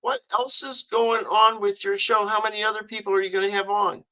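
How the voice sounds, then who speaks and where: Bright-voiced chatty male radio host. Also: sits high, brisk, low-quality recording. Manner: chatty storyteller, animated, laughs often. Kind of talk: casual radio chat.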